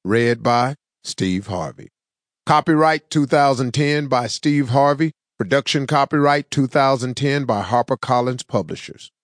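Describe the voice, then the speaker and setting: A man reads his own book aloud, in an earnest and personal storytelling manner. His voice sits at a middle pitch. The sound is close and dry, with no room around it. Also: measured pace, no echo. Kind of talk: audiobook narration. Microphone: close studio mic.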